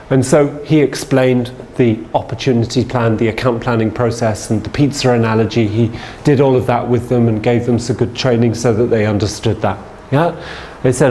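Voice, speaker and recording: A man's voice: mid-range voice, moderate pace, darkish tone, slight background noise. Man, sales trainer, storytelling lesson, chatty, checks in with listeners. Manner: chatty, keeps checking in with "yeah?".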